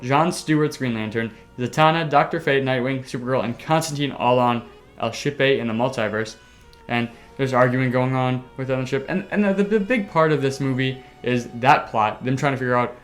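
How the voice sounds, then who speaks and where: A man hosting a casual podcast, telling a story excitably with sound effects and the odd swear word. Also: mid-range voice. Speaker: podcast host.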